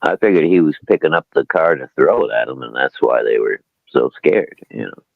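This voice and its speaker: A man's voice: very deep voice, expressive, brisk, vocal fry, no echo. A laid-back man co-hosting a podcast in casual chat, heard over a tinny phone-like line. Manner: laid-back, lots of fillers.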